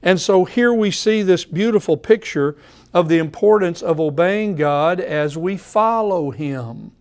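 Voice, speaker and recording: Guy preaching a sermon, bit higher voice, slow, says things twice for emphasis. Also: animated, darkish tone. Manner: repeats phrases for emphasis. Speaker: pastor.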